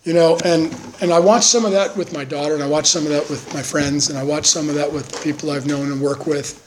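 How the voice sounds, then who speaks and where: A man's voice: a little high, steady tone, brisk, a little hiss or hum, rough recording. Earnest man in his fifties telling his story. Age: 50s. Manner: earnest storytelling, acts out quoted voices. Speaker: recovery meeting speaker. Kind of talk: personal testimony talk.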